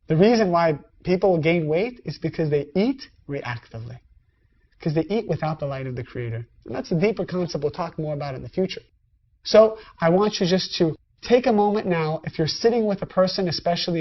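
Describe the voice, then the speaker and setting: A woman's voice: deep voice, muffled recording. A woman teaching a spiritual lesson in a conversational style, speaking directly to her listeners. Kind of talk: recorded lecture.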